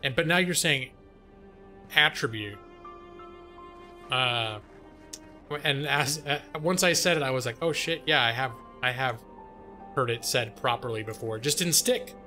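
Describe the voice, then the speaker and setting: A man's voice: medium pitch, moderate pace, pushed and bright. A man chatting casually on a live gaming stream, rambling and self-deprecating, with casual swearing. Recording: faint music behind.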